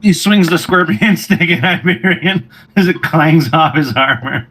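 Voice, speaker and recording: A man narrating a tabletop game as game master, describing the scene in steady, descriptive terms. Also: on the high side, moderate pace.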